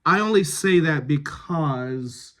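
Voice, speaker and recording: Guy reading dialect notes to the cast, kinda high voice, really slow with lots of ums. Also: animated, a bit bright. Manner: slow, measured, with frequent ums and pauses. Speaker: dialect coach. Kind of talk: reading rehearsal notes to actors.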